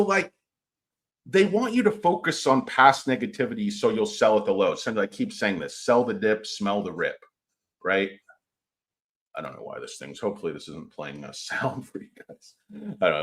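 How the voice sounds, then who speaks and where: A man's voice: fairly low pitch, expressive, moderate pace. A man giving a casual, rambling stock market commentary, opinionated and full of filler words.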